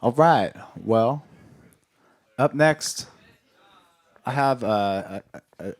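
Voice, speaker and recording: A man hosting a comedy night, announcing the next act in a loud, hyped way that stumbles over his words. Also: medium pitch, drawn-out words. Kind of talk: stage announcing.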